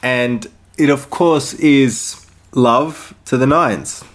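A man's voice: medium pitch, drawn-out words. Upbeat man hosting a music podcast. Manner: upbeat, moves the show along. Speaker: podcast host. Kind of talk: casual music discussion.

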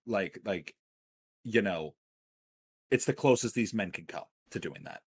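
Low-voiced rambling enthusiastic man. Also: moderate pace, slightly rough. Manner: enthusiastic, rambling with many fillers. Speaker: podcast co-host. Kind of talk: casual film discussion.

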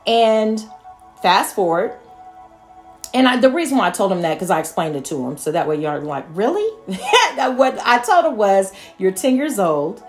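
A woman's voice: medium pitch, expressive, moderate pace, soft background music. A middle-aged mother talking casually to viewers, earnest and repetitive, with laughing asides. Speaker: mother sharing her views.

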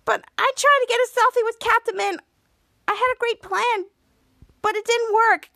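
A woman's voice: very high-pitched, animated, normal speed, a bit bright, dry recording, clean studio sound, pitched above the performer's own voice, heavily acted. A woman voicing a bossy, whiny young girl who pleads and snaps. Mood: upset. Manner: pleading and snappish.

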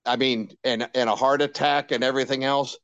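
An older radio veteran tells stories with excitement, stumbling over restarts and slipping into the voices of the people he quotes. His recording is dry and close, with no room sound. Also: medium pitch, brisk, smooth, dry recording. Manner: animated anecdotes with many restarts and quoted dialogue. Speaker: radio personality guest. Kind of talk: candid storytelling interview.

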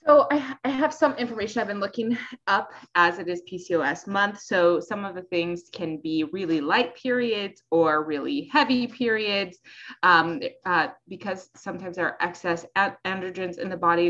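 Woman co-host, informative explainer, mid pitch, slightly dull audio. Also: fairly bright tone. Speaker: co-host sharing research. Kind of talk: casual podcast chat.

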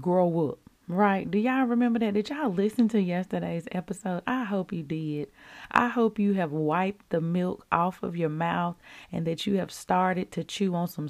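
A woman hosting a daily devotional podcast, teaching in a lively, chatty way and calling listeners y'all. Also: fairly low pitch. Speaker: podcast host.

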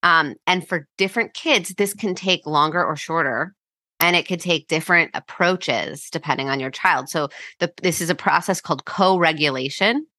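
A woman in her thirties speaks as a podcast guest, laying out parenting ideas in an easy, filler-heavy way. Her voice sits low yet sounds bright and crisp. The recording is dry and close. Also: normal speed, dry recording. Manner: explanatory, frequent "like" and "you know" fillers. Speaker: psychologist guest. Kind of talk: podcast interview.

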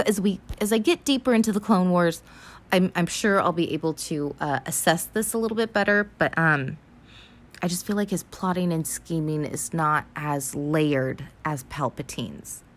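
Young woman with a low-ish voice, casual and sweary, for a fan recap vlog. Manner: chatty, profane, animated retelling. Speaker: vlogger recapping an animated film.

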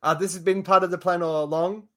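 A man's voice: high voice, steady tone, fast talker, bright, forceful tone. A man co-hosting a podcast in casual chat, wry and self-mocking, laughing often. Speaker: podcast co-host. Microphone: podcast microphone, audio only.

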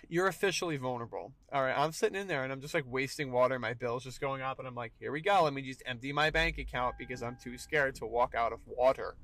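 A man's voice: on the high side, fairly bright tone, rough recording. A young man hosting a solo podcast, talking emphatically and tagging "all right" onto his points. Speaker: podcast host.

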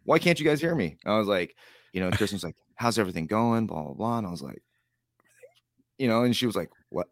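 A man's voice: on the low side, fast, vocal fry, pauses often, dry recording. A man speaking as an interview guest, rambling and acting out other people's lines with laughs. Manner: rambling, acts out quoted voices with laughs. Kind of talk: casual storytelling interview.

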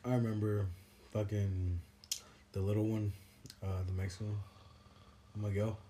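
Low, mellow-voiced young man rambling. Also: a little slow, a little hiss or hum. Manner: animated, profane, rambling. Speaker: podcast host. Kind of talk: casual chat.

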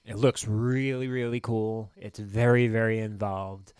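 Low-voiced rambling male podcaster. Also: level tone, measured pace, a little mellow, clean tone, no room sound, studio quality. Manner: rambling, hesitant restarts, swears casually. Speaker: podcast co-host. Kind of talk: casual chat.

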